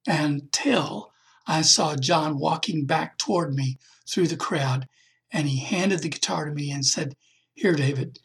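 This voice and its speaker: Gravelly, very husky man preaching. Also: fairly high pitch, a bit bright. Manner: heartfelt, emphatic storytelling. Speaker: podcast speaker. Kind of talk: devotional testimony and preaching.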